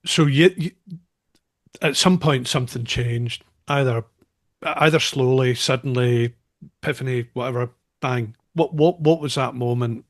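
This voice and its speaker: A man's voice: mid-range voice, measured pace. A man hosting an interview, asking searching, stumbling questions. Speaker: interviewer host.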